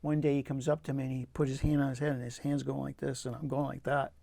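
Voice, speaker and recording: Older male poet guest, earnest storyteller, gravelly voice, dry close sound. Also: medium pitch, flat delivery, fast talker, no room sound. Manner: earnest, reflective, with frequent restarts and soft asides. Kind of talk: personal storytelling in an interview. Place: community TV studio.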